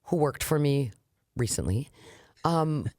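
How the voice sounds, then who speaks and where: A woman co-hosting a radio talk show, her voice pitched low and recorded very dry and close. She tells stories in an animated way and laughs easily. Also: dry recording. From Minnesota. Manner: animated storyteller, quick laughs. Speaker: radio co-host. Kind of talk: casual radio chat.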